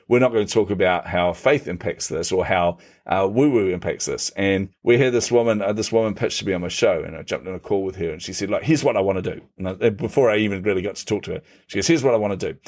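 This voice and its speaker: With a low voice, a fast pace and hardly any pauses, a middle-aged podcast guest relates stories in a conversational way. He acts out others' words, laughs often and stays animated throughout.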